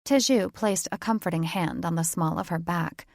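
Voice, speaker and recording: A woman narrating a fantasy romance audiobook in a measured, even storytelling manner. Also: on the low side, vocal fry, no room sound, clean studio sound. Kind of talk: scripted narration.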